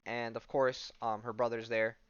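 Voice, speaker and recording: A man's voice: mid-range voice, level tone, moderate pace, smooth, no room sound, dull audio. A man hosting a podcast, casually recapping a comic in a rambling, self-correcting way. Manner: rambling, lots of fillers and restarts. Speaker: podcast host.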